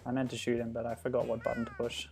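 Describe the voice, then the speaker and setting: A man streaming a game, chatting in a relaxed, amused way and answering chat comments. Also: medium pitch, racing, vocal fry, faint music behind. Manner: chatty, amused, laughs often, reacts to the game. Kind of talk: casual gameplay commentary.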